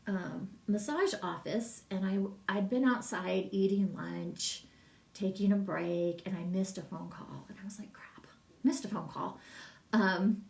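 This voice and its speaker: A woman's voice: medium pitch, creaky, darkish tone, echoey room, recorded from a distance. A middle-aged woman, a massage business coach, talking in a casual, rambling livestream and reading out viewer comments. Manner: chatty, rambling, laughs often, reads viewer comments.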